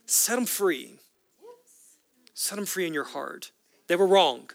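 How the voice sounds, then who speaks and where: A man's voice: high voice, expressive, takes it slowly, creaky, no echo. A man preaching a sermon as a pastor, with an impassioned, repetitive preaching cadence.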